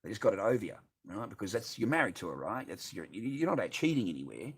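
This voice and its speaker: Foul-mouthed Australian man, lowish voice. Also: sing-song, fast talker, slightly rough. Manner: profane, bitter, rambling, swears constantly. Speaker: livestreamer reading chat. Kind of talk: casual rambling livestream chat.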